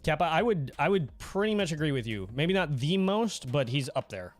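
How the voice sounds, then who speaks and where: A man with a fairly high voice, talking at normal speed, hosts a casual livestream while soft music plays. He's playful and animated, reading viewers' chat aloud and laughing often.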